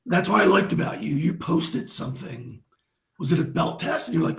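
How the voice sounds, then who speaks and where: A man hosting a casual interview over a video call, with an excitable, easygoing manner. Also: a little high, normal speed, gravelly, echoey room, poor audio. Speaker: interview host.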